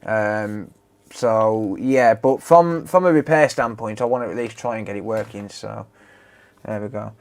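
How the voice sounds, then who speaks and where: A man's voice: on the low side, unhurried. A man with a British accent chatting casually on a repair livestream, greeting and thanking viewers by name as he works. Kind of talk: casual live stream chat.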